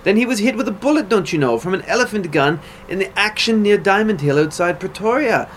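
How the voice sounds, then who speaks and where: A stuffy, earnest young army man, put on by a podcast host, pleads his case in hammy, mock-posh, old-fashioned phrasing. The voice sits clearly higher than the host's own and pushes a little louder. A faint hiss lies under the recording. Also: animated, fairly quick. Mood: earnest pleading.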